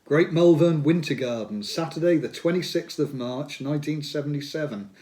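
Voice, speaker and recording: A man in his sixties hosting a casual talk through old music magazines, chatty and reminiscing, pausing on fillers and growing enthusiastic. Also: fairly high pitch, warm tone. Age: 60s. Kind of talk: casual spoken commentary.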